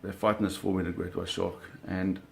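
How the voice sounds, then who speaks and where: A man recalls hunting sharks in a casual spoken anecdote, telling the personal story vividly, acting out sounds, and often correcting himself and repeating words. His low-pitched voice is brisk, flat in delivery, and creaky, with a darkish tone.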